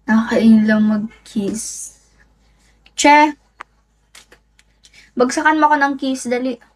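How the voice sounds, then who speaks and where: High-voiced, unhurried Filipino young woman. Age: young adult.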